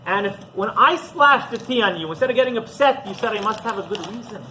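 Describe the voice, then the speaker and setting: Man playing a wise patient rebbe, gentle questions, high lively voice, noisy background. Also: quick pace. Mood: tender. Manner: calm, questioning, teaching.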